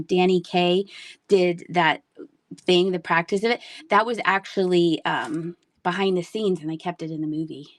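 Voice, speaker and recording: A woman with a fairly low-pitched voice and no room sound hosts a casual live-selling stream from a home room with shelves. Between items she rambles and reads out viewer comments.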